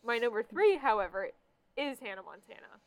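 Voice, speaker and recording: A woman's voice: on the high side, very animated, brisk, poor audio. A young woman in casual chat, easygoing and agreeable, with many "like" fillers.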